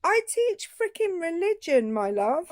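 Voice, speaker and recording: A woman's voice: very high voice, very animated, measured pace, a loud crowd. A woman who teaches, co-hosting a heated live debate, sarcastic and exasperated as she cuts in. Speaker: teacher and co-host.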